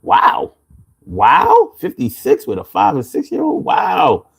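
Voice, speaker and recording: A man's voice: fairly high pitch, huge pitch swings, slow, gravelly, breathy edge. A man in his fifties from Philadelphia with a Philly accent, hosting a laid-back live chat, reading out comments and laughing often. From Philadelphia, USA. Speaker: livestream host.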